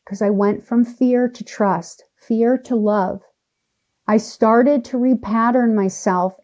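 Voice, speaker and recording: A podcast guest recounts something from her own life in a mid-range voice. Her delivery is animated and forceful, and she plays with her speed to land moments.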